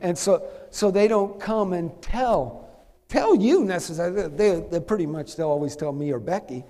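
With a long reverb tail filling the church sanctuary, a male pastor preaches at a moderate pace in a high, expressive, dark-toned voice. He speaks emphatically and calls for the congregation to answer back.

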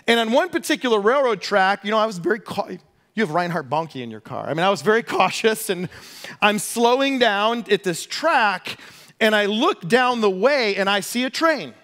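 A male pastor with a high voice delivers a sermon at normal speed. He tells a personal story, using lively, self-deprecating humor.

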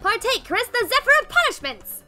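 Bubbly high-voiced woman streamer. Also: brisk, faint music behind. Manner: bubbly, thanking chat viewers excitedly. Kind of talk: casual live gameplay streaming.

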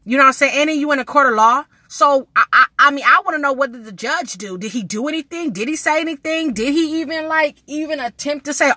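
A woman's voice: high voice, fast talker, hardly any pauses, sharp tone, no echo. A woman, ranting to her camera in a blunt, indignant vlog full of swearing. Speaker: vlogger. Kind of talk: casual vlog rant to camera.

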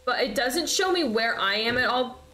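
A young woman streams a horror game, her fairly high, expressive voice pushed and bright at a normal speed. She chats casually through the gameplay, swearing and shrieking with laughter when frightened. The room is echoey with faint background noise.

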